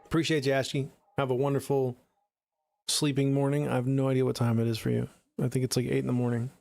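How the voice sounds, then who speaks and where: A man hosting a music livestream in relaxed, chatty fashion, answering viewers one by one. His mid-range voice carries a gravelly rasp. The recording is dry and close, with no room echo. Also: medium pitch, fast. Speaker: music producer streaming live. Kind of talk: casual livestream chat.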